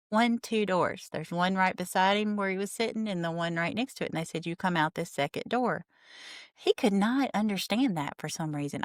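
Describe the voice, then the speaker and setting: A woman chatting through a casual recap of a TV show, animated and acting out the people she quotes. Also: lowish voice, no echo, studio quality. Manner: chatty, animated, quick laughs, acts out quotes.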